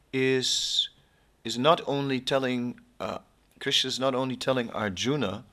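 A man giving an informal, rambling sermon, joking often and pausing with many fillers and restarts. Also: mid-range voice, fairly bright tone. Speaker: spiritual teacher.

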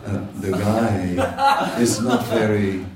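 A man giving an informal spiritual lecture, talking in a conversational, halting way with many fillers and laughing asides. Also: lowish voice, steady tone, far from the mic, noisy background. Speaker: spiritual teacher. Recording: echoey room, voice from off-mic.

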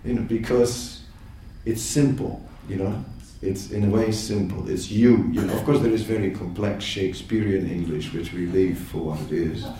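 A man giving an informal spiritual lecture, talking in a conversational, halting way with many fillers and laughing asides. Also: sits low, steady tone, warm tone, distant mic, a little hiss or hum. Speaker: spiritual teacher. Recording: echoey room, voice from off-mic.

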